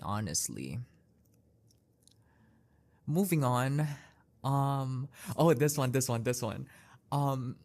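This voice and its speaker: A young podcast host tells personal stories in a casual monologue, unhurried and full of fillers, with many "like"s and restarts. His voice is mid-range with a darkish tone.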